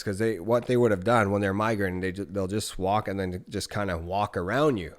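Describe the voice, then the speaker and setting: A man in his thirties from northern Canada tells a long story as a podcast guest, his voice sitting very low. He talks loosely and profanely and often restarts his sentences. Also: brisk, hardly any pauses. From Nunavut, northern Canada. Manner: relaxed, profane, rambling with restarts. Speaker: podcast guest, former hockey player. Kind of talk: casual storytelling.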